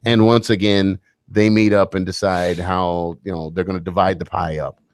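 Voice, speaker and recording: A man's voice: deep voice, little pitch movement, normal speed, dry recording. A man hosting a radio talk show, bantering casually with wry, joking asides.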